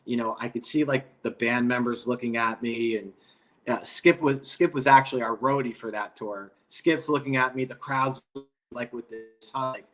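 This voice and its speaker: A middle-aged man from New York, a guest guitarist telling a road story in a relaxed, rambling way with casual swearing. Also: mid-range voice, moderate pace, low-quality recording.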